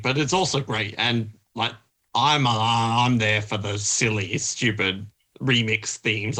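An Australian man co-hosting a podcast, talking in a loose, animated way with lots of fillers. His voice is bright and sits at a middle pitch. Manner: animated, chatty, many fillers. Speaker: podcast co-host. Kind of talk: casual chat.

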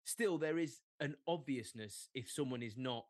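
A man's voice: mid-range voice, normal speed, no echo. A young English man co-hosting a sports podcast, chatting casually with jokey asides. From England. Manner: animated, jokey, fond of asides. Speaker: podcast co-host. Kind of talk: casual chat.

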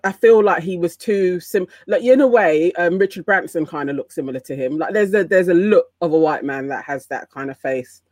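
A podcast co-host musing hesitantly, restarting sentences as the thought forms. The voice has a middle pitch, and the recording is close and dry. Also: brisk, few pauses, a little mellow, no room sound. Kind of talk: casual chat.

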